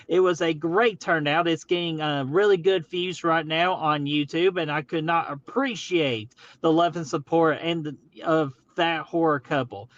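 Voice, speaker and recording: A man's voice: fairly high pitch, a little slow, few pauses, a bit bright, dry recording, dull audio. A man hosting a casual live stream, upbeat and greeting viewers in the chat one by one. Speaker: livestream host.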